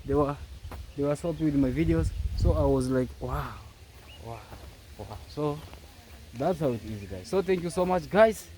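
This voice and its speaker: A man's voice: fairly high pitch, moderate pace, mellow, slight background noise. A young man vlogging outdoors at his rural family home, talking effusively and repeating his words. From Kenya. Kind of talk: casual vlog talk to camera. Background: chickens and a rooster.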